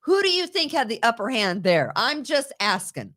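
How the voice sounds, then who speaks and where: Animated high-voiced woman chatting politics. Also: normal speed. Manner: animated, laughs often, repeats words. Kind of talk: casual political chat.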